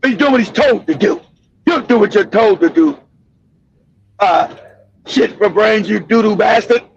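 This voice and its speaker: A male host rants through political commentary with angry, profane, shouted outbursts. His voice is very high and husky. The audio is dull and lo-fi. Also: moderate pace, dry recording.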